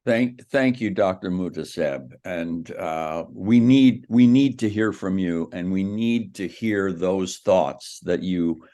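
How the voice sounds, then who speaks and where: A man's voice: low-pitched, a little mellow. A man moderating a forum, a little hesitant and apologetic, with many fillers.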